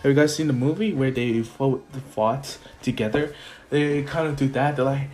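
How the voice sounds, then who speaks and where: A young man casually retelling a fan story, rambling and halting with fillers. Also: mid-range voice. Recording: soft lofi music under.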